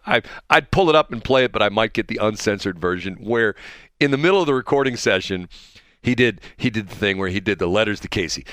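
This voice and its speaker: A man's voice: fairly low pitch, lively intonation, a little fast, fairly bright tone, no room sound. A middle-aged man hosting a live morning radio show in a joking, rambling manner, at a studio mic. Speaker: radio host.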